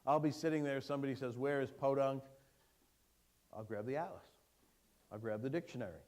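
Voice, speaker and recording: A man giving a keynote lecture to an audience, lively and engaging, putting questions to the room. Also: mid-range voice, fast. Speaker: keynote speaker. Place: lecture hall before an audience.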